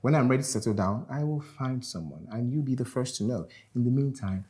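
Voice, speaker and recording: An actor with a Nigerian accent in his thirties playing a calm, kindly company boss and elder brother. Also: mid-range voice, a little fast, husky. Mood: relaxed. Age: 30s. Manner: easygoing, reassuring.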